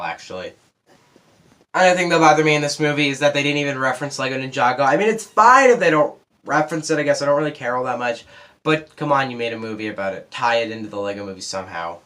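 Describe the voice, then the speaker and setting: A man's voice: mid-range voice, sharp tone. Rambling young male movie reviewer. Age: teens. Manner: rambling, filler-heavy, quick asides. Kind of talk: casual spoiler review.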